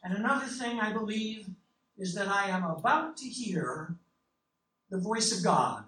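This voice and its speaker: A man reading a literary novel in the first person, with a measured, reflective delivery. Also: high-pitched, animated, bright, forceful tone. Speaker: audiobook narrator. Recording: roomy, distant mic, faint hiss.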